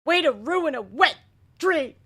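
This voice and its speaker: A middle-aged woman, chatting loudly and excitably on a live stream while reacting to music videos. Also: sits high, measured pace. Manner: loud, brash and excitable, shouting and laughing.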